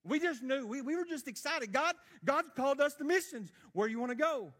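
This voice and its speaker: A man, preaching a sermon as a missionary and telling his story earnestly, swinging between loud and hushed. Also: very high-pitched, animated, a little fast.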